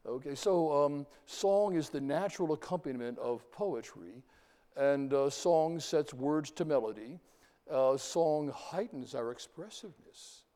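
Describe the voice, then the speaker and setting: A man lecturing his class in a lively way, talking to students and chanting examples aloud. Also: a little high, measured pace. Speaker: university lecturer. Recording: reverberant lecture hall.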